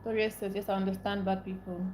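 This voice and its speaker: A woman's voice: mid-range voice, flat delivery, fast, darkish tone, roomy sound, slight background noise, poor audio. A young woman from Nigeria hosting a casual livestream, reading viewers' comments aloud and greeting them by name. She speaks emotionally, ranting about how upset she is. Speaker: livestream host. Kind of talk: casual live-stream chat, reading comments.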